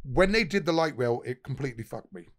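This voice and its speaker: A man's voice: mid-range voice, expressive, fast talker, a bit bright. A man, a pub owner and guest, telling profane, laughing anecdotes in casual conversation. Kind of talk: casual storytelling chat.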